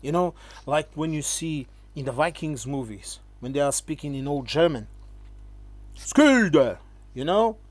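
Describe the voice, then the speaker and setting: A channel host speaks directly to the camera to push back against critics, his voice a little high and darkish, at normal speed with no room sound. He lectures emphatically, repeatedly asking "okay?" and calling the viewer "my friend".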